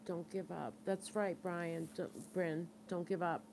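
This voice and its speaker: A woman's voice: on the low side, fairly even intonation, takes it slowly, vocal fry, noisy background. A middle-aged woman with a Boston accent hosting a support group livestream in casual, earnest chat, answering viewers' comments and urging them on. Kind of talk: casual live-stream chat.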